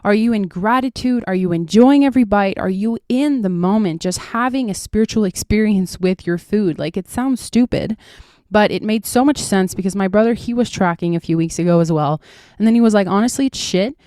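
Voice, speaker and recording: Young woman podcast host, candid and chatty, smooth resonant voice, close dry sound. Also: mid-range voice, a little fast, dark tone, no echo. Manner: candid, chatty, swears casually, lots of "like". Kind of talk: casual spiritual chat.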